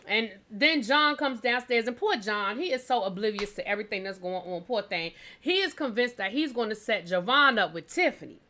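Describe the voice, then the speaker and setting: Bright, chatty woman TV reviewer. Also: mid-range voice, moderate pace, few pauses. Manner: chatty, animated, addresses viewers as baby and child. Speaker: TV show reviewer. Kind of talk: casual review chat.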